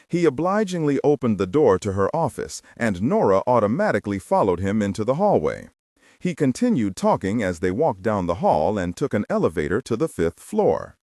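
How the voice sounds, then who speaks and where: A male audiobook narrator with a lowish voice who swings his pitch widely as he reads a thriller. The recording is close and dry, with no room sound. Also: big pitch swings, normal speed, a little mellow, no echo. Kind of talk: scripted narration.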